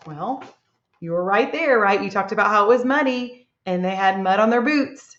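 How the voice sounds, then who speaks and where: A woman's voice: mid-range voice, expressive, moderate pace, a bit bright. A woman teacher guiding young children through a reading lesson, praising them often. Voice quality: encouraging, lots of praise. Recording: echoey room, dull sound.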